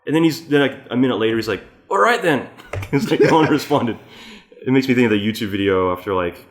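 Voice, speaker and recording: A man with an Australian accent hosting a casual interview, telling rambling, animated stories and swearing freely. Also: mid-range voice, fast. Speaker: podcast host.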